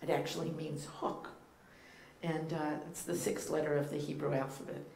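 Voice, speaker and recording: In a church sanctuary, a guest rabbi addresses the congregation in a loose, informal sermon. Her Boston-accented voice is low, gravelly, and darkish, with a level tone at normal speed, and she comes across as playful and teacherly despite many ums and uhs. Echo and faint background noise fill the recording.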